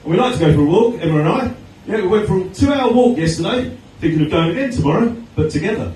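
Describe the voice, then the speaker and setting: A middle-aged Australian man doing a stand-up comedy set, telling chatty stories with deadpan punchlines. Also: sits high, fast. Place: comedy venue stage with audience laughter. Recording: echoey room from far off, noisy.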